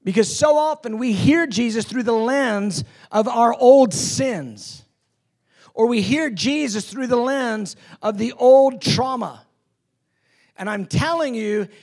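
A man preaching a sermon with passion, acting out quoted lines and swinging between loud declarations and hushed tones. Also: very high voice.

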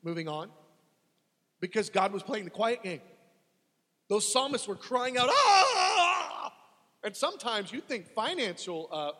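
A man's voice: high voice, animated, moderate pace, a bit bright, long reverb tail. A man preaching a sermon, dramatic and acting out desperate pleas to God as he teaches.

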